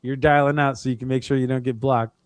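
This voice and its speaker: A man's voice: medium pitch, fast talker, smooth, dry recording. A man co-hosting a casual podcast, telling profane stories and acting out phone calls. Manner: profane, animated storytelling, acts out calls. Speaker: podcast co-host. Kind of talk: casual chat.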